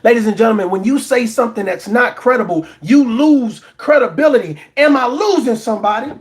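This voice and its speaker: A man's voice: very high voice, expressive, fairly quick. A man hosting a reaction commentary show, preaching at his audience, repeating words for emphasis and mocking others in put-on voices. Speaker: commentary channel host.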